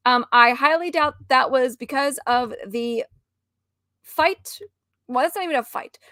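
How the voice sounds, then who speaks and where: A woman co-hosting a casual chat stream, ranting in an animated, exasperated way. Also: sits high, measured pace, no room sound, studio quality. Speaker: stream co-host.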